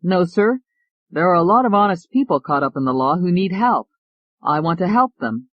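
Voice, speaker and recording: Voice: medium pitch, big pitch swings, normal speed, no echo, highs cut off. A narrator voicing an earnest young male lawyer who speaks in a subdued way.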